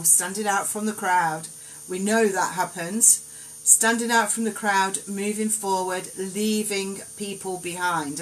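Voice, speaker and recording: Soft-spoken woman giving gentle card readings. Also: on the low side, a little hiss or hum, low-quality recording. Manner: gentle, soothing, reassuring. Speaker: psychic card reader. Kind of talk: live-stream card reading.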